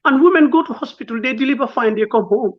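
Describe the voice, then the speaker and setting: A man's voice: very high voice, fast talker. A man, a lawyer speaking as an interview guest, emotional and pleading, firing off rhetorical questions. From Gambia. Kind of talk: impassioned interview talk. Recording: dull lo-fi sound.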